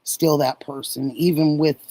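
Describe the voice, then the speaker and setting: A middle-aged woman from Oregon hosting a casual livestream, warmly thanking viewers and answering chat messages. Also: low voice, fairly even intonation, measured pace, low-quality recording. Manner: warm, gushing, reads and answers chat messages. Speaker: livestream host.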